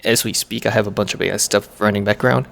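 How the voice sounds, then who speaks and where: A man's voice: fairly low pitch, fairly even intonation, fast talker, creaky, fairly bright tone. A man chatting on a stream in earnest, plain-spoken commentary, warning viewers.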